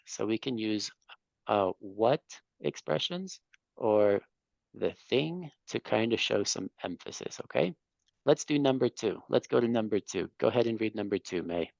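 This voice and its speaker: A man's voice: fairly low pitch, normal speed, vocal fry, darkish tone, dry recording, highs cut off. A man teaching an English class, patiently explaining grammar and correcting students.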